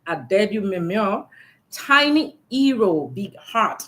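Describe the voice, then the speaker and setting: Female host, lively and upbeat, animated pitch, video-call interview. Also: takes it slowly. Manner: lively, laughing, encouraging. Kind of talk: virtual book launch interview.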